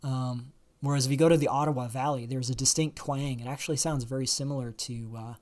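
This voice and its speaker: A man's voice: mid-range voice, fairly even intonation, fast, darkish tone. A man with a mid-range voice hosting a casual livestream. He rambles through his points with frequent fillers, false starts and restarts. Now and then he breaks off to answer questions from viewers. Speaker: livestream host.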